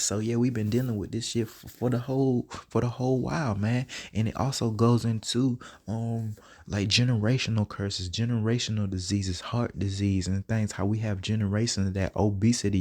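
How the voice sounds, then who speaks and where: A man's voice: fairly low pitch, fairly even intonation, moderate pace, a little mellow. A man giving casual scripture commentary, reading verses aloud and then riffing on them in profane, streetwise talk. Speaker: self-taught Bible teacher.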